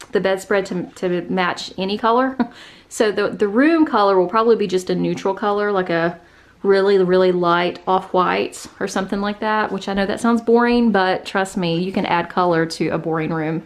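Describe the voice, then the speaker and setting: A woman's voice: medium pitch, fairly even intonation, moderate pace. A woman vlogger walking through her new house, chatting casually with many fillers and a little out of breath. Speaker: vlogger giving a house tour. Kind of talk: casual house tour narration. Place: indoors, a house.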